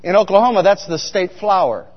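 Middle-aged pastor telling funny stories from the pulpit, kinda high voice, dull sound w/ long hall echo. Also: male voice, expressive, brisk, slight background noise. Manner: chatty, asks the congregation questions. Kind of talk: humorous storytelling sermon.

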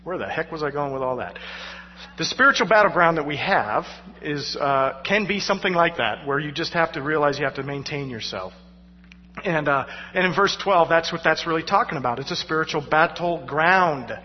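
A male pastor preaching a sermon through personal stories, animated and poking fun at himself with frequent laughter. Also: on the high side, fairly quick, slight background noise. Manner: animated, self-mocking, laughing between lines. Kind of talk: storytelling sermon. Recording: dull sound with long hall reverb.

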